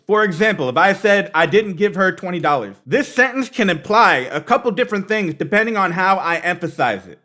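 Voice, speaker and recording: High-voiced man methodically explaining wordplay. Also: a bit bright. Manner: methodical, breaks down wordplay step by step. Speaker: battle rap teacher. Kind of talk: explanatory commentary.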